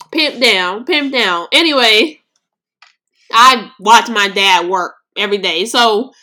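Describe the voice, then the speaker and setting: A woman's voice: a little high, sharp tone. A young woman from Los Angeles hosting a podcast, telling a personal story in a blunt, slangy, emotional way. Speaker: podcast host.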